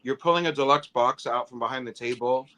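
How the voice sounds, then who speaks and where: A man with a bright, forceful voice, co-hosting a casual toy talk livestream. He lays out his opinions on figure sculpts in detail, thinking out loud as he goes. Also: medium pitch, fairly quick. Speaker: toy collecting livestream co-host. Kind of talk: casual chat.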